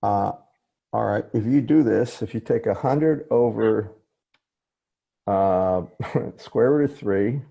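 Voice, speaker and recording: Gravelly low-voiced professor, apologetic. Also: male voice, takes it slowly, pauses often, mellow. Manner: apologetic, restarts and self-corrections. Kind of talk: lecture over a video call. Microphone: computer mic on a video call.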